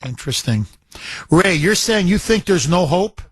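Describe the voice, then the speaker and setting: A man hosting a call-in radio show from a studio mic. His voice sits a little high and sounds dry and close. He talks in a chatty way and repeats phrases for emphasis. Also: very animated, normal speed, husky, dry recording. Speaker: radio talk show host.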